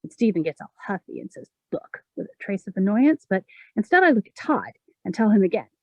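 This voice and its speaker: A woman poet giving a measured, expressive reading of her own poems. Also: mid-range voice, no room sound, poor audio. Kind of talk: poetry reading.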